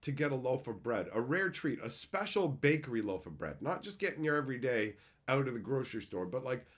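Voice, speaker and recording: Animated man chatting on a livestream. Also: a little fast. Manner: animated, swings between loud excited reading of chat and low reflective storytelling; swears casually. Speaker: streamer. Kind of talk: casual livestream chat.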